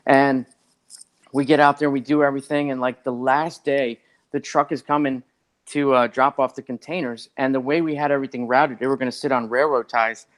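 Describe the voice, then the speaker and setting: A man's voice: mid-range voice, brisk. Chatty man telling a long story. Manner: rambling and animated, acts out others' lines, many "like" fillers. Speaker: podcast guest. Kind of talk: casual storytelling.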